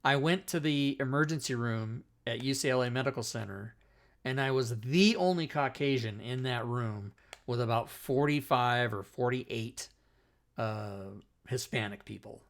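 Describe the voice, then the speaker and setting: A man's voice: medium pitch, unhurried. Rambling, profane man telling a story. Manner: rambling, profane, self-interrupting. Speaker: talk show host. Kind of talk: casual storytelling chat.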